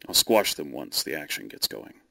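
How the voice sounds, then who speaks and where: A man voicing a calculating male dragon, speaking in a dry, measured, quietly menacing way. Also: rumbling low, big pitch swings, creaky, no room sound, voice pushed down, exaggerated voice. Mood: dry, wary.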